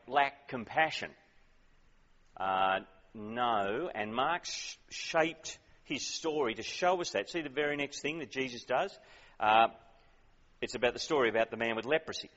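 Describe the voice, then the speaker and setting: Preacher in an echoing hall. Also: male voice, mid-range voice, moderate pace, fairly bright tone, highs cut off. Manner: conversational, questioning, emphatic. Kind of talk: sermon.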